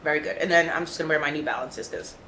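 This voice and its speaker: Chatty young woman vlogging, low voice. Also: very fast. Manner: chatty and rambling, heavy use of "like". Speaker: lifestyle vlogger. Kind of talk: casual vlog chat to camera. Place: at home on her couch.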